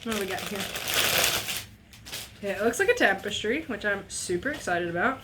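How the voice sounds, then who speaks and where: A young woman vlogging a casual unboxing at home, excitable and gushing, swearing freely. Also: mid-range voice, moderate pace, background noise.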